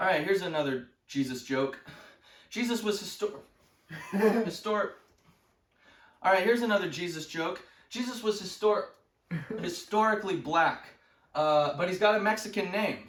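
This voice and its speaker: A brash man runs through crude stand-up bits in a high voice, praising his own jokes with a straight face. He sounds a little distant from the mic, and the room gives him a noticeable echo. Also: a little slow, long pauses. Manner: brash, deadpan self-praise. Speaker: amateur comedian. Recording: echoey room, from far off.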